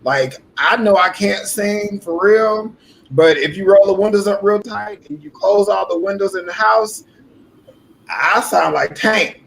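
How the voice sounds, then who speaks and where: A man's voice: high voice, a little slow, vocal fry, a bit bright, a little hiss or hum, rough recording. A man hosting a casual interview, chatty and laid-back, laughing easily. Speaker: podcast host.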